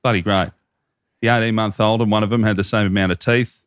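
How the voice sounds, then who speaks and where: An Australian man in his thirties tells rambling, swear-filled stories in easy podcast chat. His voice sits low and comes across dry and close, with no room sound around it. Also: steady tone, quick pace, smooth, no room sound. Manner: profane, rambling anecdotes. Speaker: podcast co-host. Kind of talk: casual chat.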